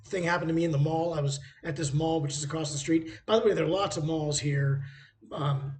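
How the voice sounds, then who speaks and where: A man's voice: fairly high pitch, fairly even intonation, brisk, darkish tone, a little hiss or hum. Rambling man telling travel stories. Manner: rambling, anecdotal storytelling with frequent hesitations. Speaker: travel vlogger. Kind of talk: casual travel vlog. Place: hotel room by a busy street.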